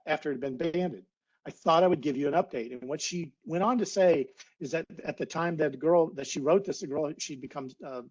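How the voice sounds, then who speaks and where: A naturalist biologist appears as a guest speaker on a video-call webinar, talking earnestly and from the heart and becoming slightly emotional. His voice is medium-pitched, and the recording quality is low.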